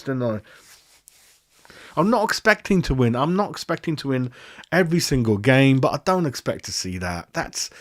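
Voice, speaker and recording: A man hosting a football fan channel, ranting after a match in an exasperated, repetitive way with plenty of swearing. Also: medium pitch. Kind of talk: post-match fan rant.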